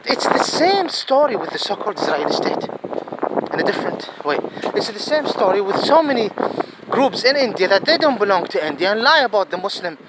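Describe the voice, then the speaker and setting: A man with a notably high voice delivers a rambling, emphatic monologue, pleading and circling back to the same points. The recording is noisy, with wind and outdoor clatter underneath. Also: sing-song, a little fast. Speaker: vlogger.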